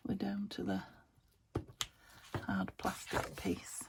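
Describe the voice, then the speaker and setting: Very gravelly British woman crafting. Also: mid-range voice, big pitch swings, slow pace, very noisy. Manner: chatty, thinks aloud while working. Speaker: craft channel host. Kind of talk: casual crafting chat. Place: home craft table.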